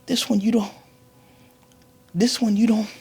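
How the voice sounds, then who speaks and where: A man's voice: steady tone, measured pace, vocal fry, darkish tone, breathy edge, full character voice. A man voicing his nervous teenage self, stammering and evasive in a comedy story. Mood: panicked. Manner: stammering, nervous, high-pitched. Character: panicked teenage boy, his younger self lying.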